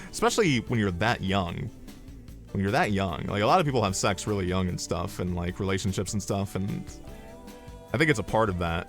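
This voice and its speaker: A man streaming in a lowish, fairly bright voice chats casually through rambling stories. He swears freely and laughs at his own jokes.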